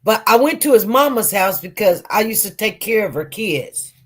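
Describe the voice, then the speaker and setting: A woman's voice: medium pitch, very animated, moderate pace. A woman telling personal stories to her viewers in a casual, rambling way, with many fillers and repeated words.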